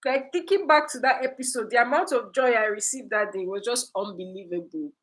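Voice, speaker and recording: A young woman, a candle maker, telling a story to her viewers in a casual, animated way, repeating phrases for emphasis. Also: a little high, fairly quick, hardly any pauses, rough recording. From Nigeria.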